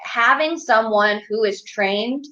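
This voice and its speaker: A financial advocate and life coach joins a casual interview by video call, the audio dull and lo-fi. Her slightly high voice is slow, bright and forceful as she speaks frankly and encouragingly.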